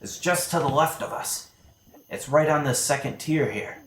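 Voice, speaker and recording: A man's voice: on the high side, lively intonation, moderate pace, a little hiss or hum. A man doing a snappish hot-tempered hobgoblin. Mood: scheming. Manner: shouting, cursing, bossy. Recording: echoey room.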